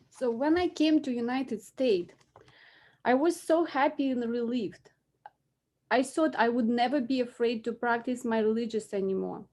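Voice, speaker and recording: A woman's voice: a little high, darkish tone. Emotional Belarusian woman testifying. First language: not English. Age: 40s. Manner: earnest, pleading, emotional. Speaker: public hearing testifier.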